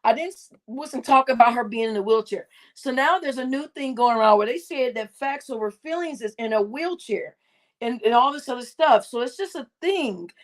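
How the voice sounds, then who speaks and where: A young woman telling a story to her live chat, swearing freely and breaking into loud laughter again and again. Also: fairly high pitch, lively intonation, normal speed. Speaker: live streamer.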